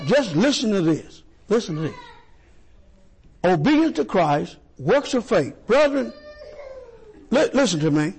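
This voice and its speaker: A man preaching a sermon, animated and repetitive, asking the congregation questions and stumbling over words. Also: high voice, gravelly, husky. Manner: animated call-and-response preaching, repeats and stumbles.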